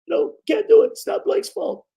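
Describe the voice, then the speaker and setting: A man doing an impression of a hoarse male basketball coach who keeps shifting the blame, repeating the same excuse in a strained, breathy rasp. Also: fairly quick, warm tone, close to an everyday voice. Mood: mocking.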